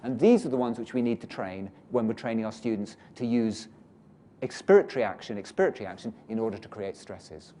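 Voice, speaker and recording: A man's voice: fairly low pitch, expressive, a little fast, warm tone. A British man giving a workshop lecture to teachers, explaining and leading the audience through exercises. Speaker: teacher trainer.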